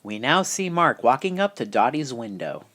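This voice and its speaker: A man narrating a storybook in a plain, low-key reading. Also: big pitch swings, moderate pace, bright, forceful tone.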